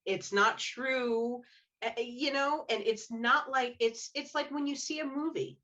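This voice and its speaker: A woman's voice: high-pitched, moderate pace, muffled recording. A woman romance author chatting on a podcast panel, telling stories animatedly and acting out the quotes. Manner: animated storyteller, acts out quotes. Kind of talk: casual panel chat.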